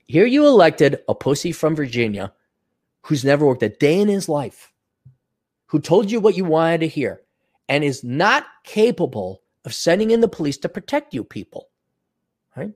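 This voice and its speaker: A man's voice: very animated, normal speed, darkish tone. Profane ranting male podcast host. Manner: profane, sarcastic, mocks others in high mimicking voices. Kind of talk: ranting solo monologue.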